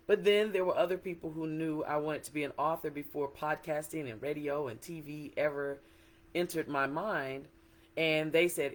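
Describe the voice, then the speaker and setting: A chatty, excited woman talks to viewers in a casual livestream. She is middle-aged and speaks as an author, greeting people by name as they join. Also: deep voice, normal speed. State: a little emotional. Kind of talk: casual livestream book talk.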